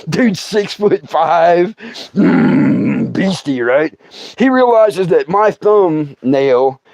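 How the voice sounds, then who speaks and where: A middle-aged male comedian spins a tall tale on a livestream, laughing as he goes. His voice is fairly high for a man and swoops widely up and down as he talks to his listeners. The sound is close and dry. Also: drawn-out words, vocal fry, dry recording. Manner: animated, laughs through his own story, talks to the audience. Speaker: comedian and podcast host. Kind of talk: comic storytelling.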